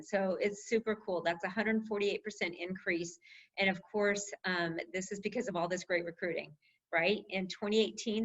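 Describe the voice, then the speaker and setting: Husky woman hosting an online call. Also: medium pitch, a bit bright. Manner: enthusiastic, laughs often, reads out numbers. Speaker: team leader hosting a coaching call. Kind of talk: upbeat online team call. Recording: slightly dull, lo-fi call audio.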